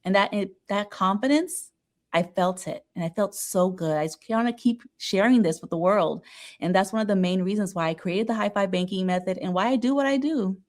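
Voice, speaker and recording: A woman's voice: medium pitch, a little fast, darkish tone. A woman being interviewed as an author on a podcast, speaking in an earnest, emphatic way. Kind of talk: casual interview.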